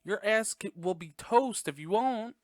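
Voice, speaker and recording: An unhurried young man whose voice sits high hosts a bedroom podcast in the dark, casually reviewing a movie. He's excitable and foul-mouthed, breaking into laughter often. No room sound comes through, just clean studio audio.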